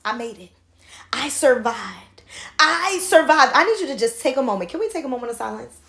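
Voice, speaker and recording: A high-voiced woman in her forties gives an impassioned pep talk straight into her handheld phone camera. She shifts from excited shouting to soft, confiding encouragement. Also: fairly quick. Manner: passionate, swings between shouting and soft confiding. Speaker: motivational vlogger.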